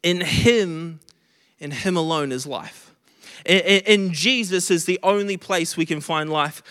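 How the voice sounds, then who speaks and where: A man's voice: a little high, a little slow, a bit bright, smooth, big-room sound. A man preaching a sermon, earnest, often stumbling and restarting as he stresses repeated phrases, a little short of breath. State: recovering from illness, short of breath.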